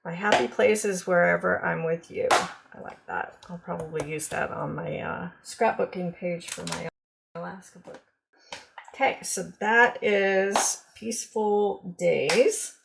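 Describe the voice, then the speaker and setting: A woman's voice: fairly low pitch, unhurried, vocal fry, background noise. A woman demonstrating craft products in a casual, chatty show-and-tell, full of ums and gushing over cute designs.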